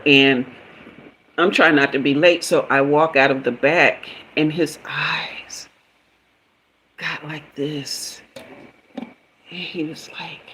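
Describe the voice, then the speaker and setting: Low-voiced woman telling a chatty story. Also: slight background noise, poor audio. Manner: chatty, many fillers, addresses viewers directly; swings into high, excited bursts when telling a story. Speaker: livestream host and spiritual reader. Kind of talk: casual storytelling to a live chat.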